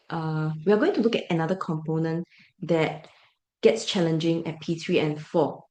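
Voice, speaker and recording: A woman's voice: on the low side, darkish tone, echoey room. A woman giving a parent briefing as a teacher, emphatic and full of rhetorical check-ins.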